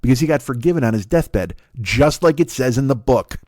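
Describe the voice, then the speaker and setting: A man's voice: medium pitch, lively intonation, a little fast, a little mellow, dry recording, clean studio sound. A man doing a rambling, profane comedy monologue. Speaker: stand-up comedian.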